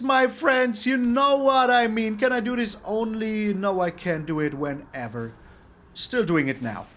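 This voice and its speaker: A man giving excitable gameplay commentary on a card game, exclaiming and repeating words for emphasis. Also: high-pitched, unhurried. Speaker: streamer playing a card game.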